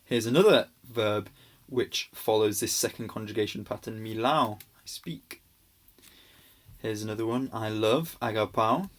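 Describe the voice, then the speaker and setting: A man's voice: on the low side, fairly even intonation, moderate pace, few pauses. A man giving a casual grammar lesson over slides, patient and reassuring, with many ums and small restarts. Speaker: language teacher.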